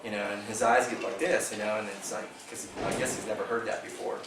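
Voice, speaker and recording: A man casually telling a fishing tournament story to a club meeting, animated and laughing as he acts out the dialogue. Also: fairly low pitch, quick pace. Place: meeting room. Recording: echoey room from far off, background noise.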